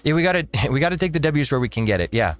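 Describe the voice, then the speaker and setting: A man's voice: a little high, big pitch swings, racing, dry recording, soft background music. A man hosting a casual live-stream, reacting to a video with rambling talk and frequent laughs. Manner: rambling, laughs often, restarts.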